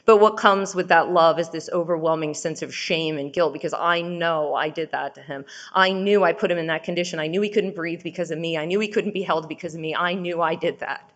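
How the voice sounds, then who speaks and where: A woman giving a personal recovery testimony, speaking in a raw, candid way that swings between urgent and hushed. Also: fairly low pitch. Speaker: speaker sharing her recovery story.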